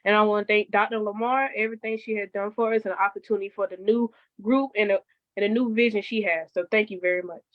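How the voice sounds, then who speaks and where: A woman in her late teens, a talk show co-host, introducing herself in a bubbly, excited way. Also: medium pitch, fast talker, phone-quality sound.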